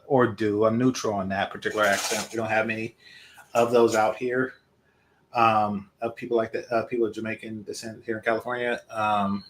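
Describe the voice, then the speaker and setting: Male host, lower register, unscripted meandering commentary, lots of filler pauses. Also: a bit bright. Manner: hesitant, many ums and restarts. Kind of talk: casual rambling commentary. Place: indoors in California.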